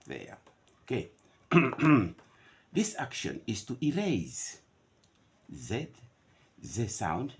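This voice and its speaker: A man's voice: fairly low pitch, huge pitch swings, slightly rough. A man whose first language is Bantu, giving a classroom lecture on English pronunciation and drilling words by contrasting them. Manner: drawn-out contrasting word repetitions.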